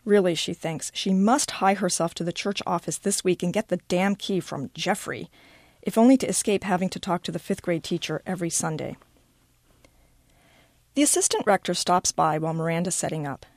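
A woman reading a short story aloud with expressive, animated storytelling. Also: lowish voice, moderate pace, no room sound, studio quality. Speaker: reader.

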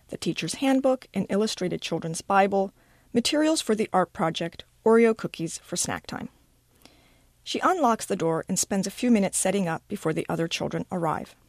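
An animated woman reading a story. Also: medium pitch, no room sound, studio quality. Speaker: reader. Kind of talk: reading a short story aloud.

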